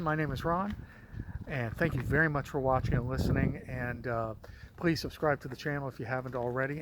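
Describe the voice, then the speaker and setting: A man hosting a casual walking vlog outdoors, telling a story in a rambling way and often correcting himself. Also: mid-range voice. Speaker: vlog host. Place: outdoors on a windy street. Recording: outdoor street noise with traffic.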